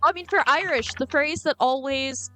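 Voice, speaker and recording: A woman's voice: high-pitched, moderate pace, bright, forceful tone, soft background music. A woman chatting casually on a podcast, explaining things in a talkative way with restarts.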